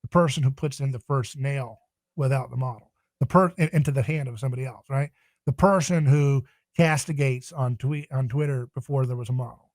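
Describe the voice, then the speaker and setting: A man's voice: mid-range voice, steady tone, a little fast, no echo. Emphatic man on a podcast. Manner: passionate, emphatic preaching tone. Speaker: podcast guest. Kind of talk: podcast interview.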